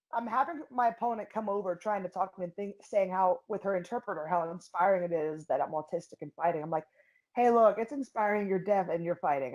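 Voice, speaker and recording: A young woman from Philadelphia, an MMA fighter and guest in an interview, telling stories in a blunt, profane and animated way. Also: medium pitch, poor audio. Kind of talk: casual interview storytelling.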